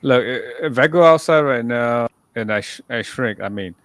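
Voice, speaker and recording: A man co-hosts a loose podcast chat at a middling pitch, joking around and stumbling over his words as he restarts them. His voice sits close and dry on the mic, with no room sound. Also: animated, moderate pace, dry recording. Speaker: podcast co-host. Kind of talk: casual chat.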